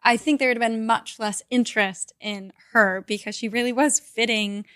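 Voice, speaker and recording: A woman's voice: on the high side, steady tone, moderate pace, fairly bright tone, dry recording, clean studio sound. A woman co-hosting a casual podcast, reflective and open about her own feelings. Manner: reflective, openly shares own feelings, laughs easily. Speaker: podcast co-host.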